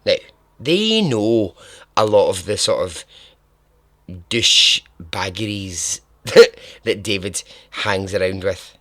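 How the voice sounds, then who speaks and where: A man's voice: fairly low pitch, animated, takes it slowly, fairly bright tone, dry recording. A man hosting a podcast, telling a true-crime story in a casual, chatty way, laughing and swearing now and then. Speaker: podcast host.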